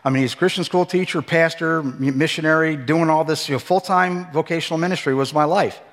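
A middle-aged man, a former pastor, giving an emotional personal testimony sermon, moving between loud emphatic bursts and hushed low passages. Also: fairly quick. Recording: long hall reverb.

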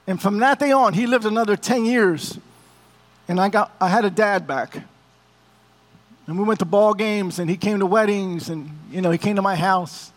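A man's voice: high voice, fairly bright tone. A middle-aged man, a pastor, preaching an emotional sermon and telling a personal story, calling his listeners family.

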